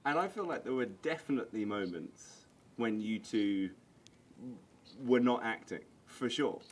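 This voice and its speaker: A man's voice: lowish voice, lively intonation, a little slow. A man interviewing two actors, asking searching questions with some hesitation.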